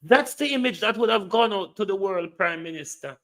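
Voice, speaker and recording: A man's voice: high-pitched, expressive, fairly quick, fairly bright tone. A man with a Jamaican accent giving heated political commentary, scornful and dropping into Patois as he keeps addressing the Prime Minister. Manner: mixes Jamaican Patois into English.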